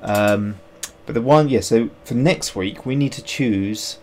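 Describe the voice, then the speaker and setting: An unhurried, lowish, darkish voice belongs to a man sculpting live on stream, with slight background noise. The chat is casual: he muses aloud, teases himself, and greets viewers.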